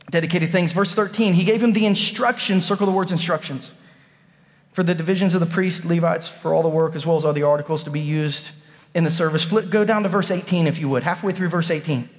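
A man in his thirties preaching a sermon in a church, telling stories in an animated way and acting out the voices. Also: high voice. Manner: animated storytelling, acts out voices. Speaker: pastor. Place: church sanctuary. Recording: long hall reverb.

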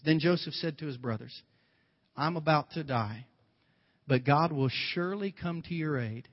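A male pastor giving a conversational, animated sermon, retelling a Bible story with playful asides. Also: medium pitch, big-room sound, highs cut off.

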